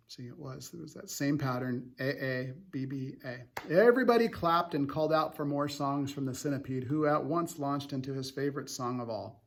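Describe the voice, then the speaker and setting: A young adult male teacher reading a novel aloud to students, stopping for casual, halting explanations. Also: mid-range voice, creaky.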